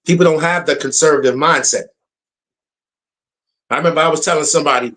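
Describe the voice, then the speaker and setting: A man's voice: on the high side, a little fast, long pauses, fairly bright tone, faint music behind, poor audio. A man hosting his channel, giving blunt, opinionated reaction commentary. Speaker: channel host.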